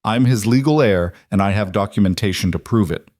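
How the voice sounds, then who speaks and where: Determined young frontier woman, read by a man, hard and clipped, low, dry sound. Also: a little fast, a little mellow, no room sound, close to an everyday voice. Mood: firm. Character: determined young woman reclaiming her inheritance.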